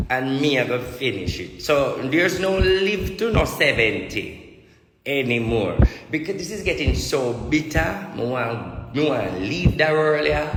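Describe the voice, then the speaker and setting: A man's voice: medium pitch, a bit bright. Jamaican man preaching at his viewers, declamatory and repetitive, in a reverberant room. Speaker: self-styled spiritual prophet. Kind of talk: ranting monologue to viewers. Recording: echoey room with long reverb.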